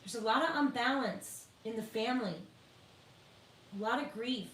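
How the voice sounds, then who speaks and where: A woman reading tarot on a live stream, reading card texts slowly and emphatically and chatting reassuringly with viewers. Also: a little high, fairly bright tone, echoey room, far from the mic, a little hiss or hum, poor audio. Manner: reads card texts in a slow, emphatic, motivational tone. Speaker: tarot reader.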